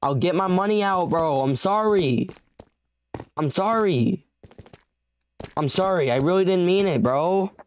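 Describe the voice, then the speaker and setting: A man's voice: high-pitched, expressive, a little slow, long pauses, slight background noise. A young man giving let's play commentary, frantic and pleading as he bargains with the creatures in his game. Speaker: gamer.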